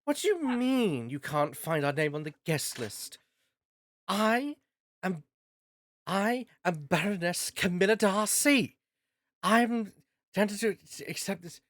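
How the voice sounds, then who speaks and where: Haughty baroness, voiced by a man, raised pitch, imperious. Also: lively intonation, slow pace, long pauses, a bit bright, no echo, heavily acted. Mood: indignant. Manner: indignant, grand. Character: haughty aristocratic baroness, woman.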